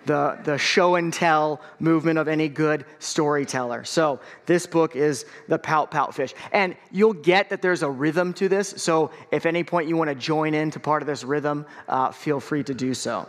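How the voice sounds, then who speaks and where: A man's voice: a little high, normal speed, hardly any pauses, in a large hall. A young adult man giving a sermon, talking casually with fillers and restarts, then reading a picture book aloud. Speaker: conference speaker. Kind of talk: sermon delivered as a storybook reading.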